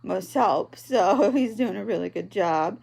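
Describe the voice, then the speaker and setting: Slow, creaky-voiced woman, halting and tearful. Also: mid-range voice, expressive, darkish tone. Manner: halting, tearful, many pauses and ums. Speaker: vlogger, patient. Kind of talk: personal video diary. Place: at home, in bed.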